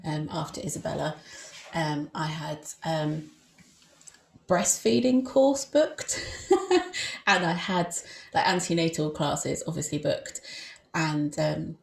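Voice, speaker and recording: A woman's voice: deep voice, flat delivery, a little slow, creaky. A young woman hosting a podcast interview, speaking hesitantly with many fillers. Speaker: podcast host. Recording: roomy echo.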